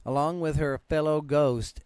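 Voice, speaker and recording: A man's voice: a little high, steady tone, moderate pace, a little mellow, clear, resonant tone, no echo. A man with a Southern US accent, hosting a podcast and casually reading ghost stories aloud, often stumbling and restarting words in a laid-back, yawning way. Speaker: podcast host.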